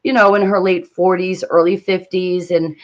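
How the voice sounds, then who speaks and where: A woman's voice: fairly low pitch, flat delivery, normal speed, dull audio. A woman co-hosting a live stream, telling a story in casual chat, rambling and hesitant with many fillers. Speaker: livestream co-host.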